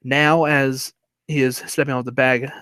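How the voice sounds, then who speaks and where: A man's voice: medium pitch, bright, forceful tone, smooth, dry recording. A man reviewing a movie, retelling its plot in a casual, rambling way with fillers and chuckles.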